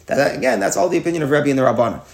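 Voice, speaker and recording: Fast, gravelly Talmud teacher. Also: male voice, on the high side, animated, darkish tone. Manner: explains aloud with rhetorical questions, mixes Hebrew and Yiddish terms. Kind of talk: daily Talmud class lecture.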